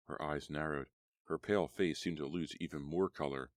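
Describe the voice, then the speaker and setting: A man with a very deep voice reads a horror audiobook in a measured, steady way. The recording is dry and close. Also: dry recording. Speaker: audiobook narrator. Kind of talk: scripted horror audiobook narration.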